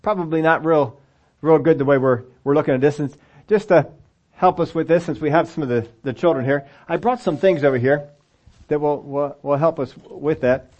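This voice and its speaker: Before a congregation with children present, a pastor preaches in a conversational way, voicing the figures of the story in the church sanctuary. His voice is a little high and a little mellow, at normal speed, and the audio sounds dull.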